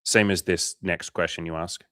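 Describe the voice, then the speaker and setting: A man with a low voice hosts a casual coaching livestream, talking straight into a dry, close mic. He swears freely and slips into his clients' voices when he retells their stories. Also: steady tone, moderate pace, bright, forceful tone, dry recording. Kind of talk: casual livestream Q&A, reading chat.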